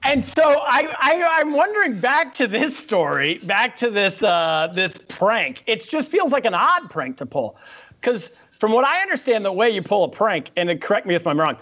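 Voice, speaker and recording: Lively playful man on a dull line. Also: high voice, normal speed. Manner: playful, mock-earnest joking. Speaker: comedian guest. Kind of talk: casual comedic chat.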